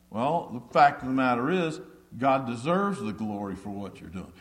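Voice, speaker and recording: A man's voice: medium pitch, lively intonation, normal speed. A man preaching an earnest sermon, repeating key phrases and acting out the prophet's words with rising emphasis. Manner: repeats phrases, with stumbling restarts. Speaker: pastor.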